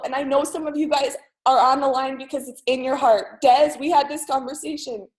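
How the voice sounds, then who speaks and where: A woman's voice: sits high, steady tone, brisk. A young woman leading her team on a group call, giving a motivational pep talk, emphatic and repeating her points, with lots of "like". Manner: emphatic, repeats lines for effect, heavy use of "like". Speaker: team leader on a sales team call. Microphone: call audio from a computer or phone mic.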